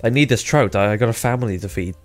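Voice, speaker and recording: A man's voice: lowish voice, quick pace, soft background music. Sweary young man gaming. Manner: sweary, exasperated grumbling. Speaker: gaming YouTuber. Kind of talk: profane casual gameplay chat.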